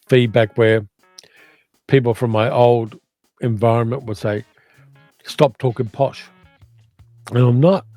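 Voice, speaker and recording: A man's voice: mid-range voice, mellow, dry recording. An older man with an educated Australian accent, chatting casually as a livestream host while reading out viewer comments and musing on them. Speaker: movie channel host reading live chat.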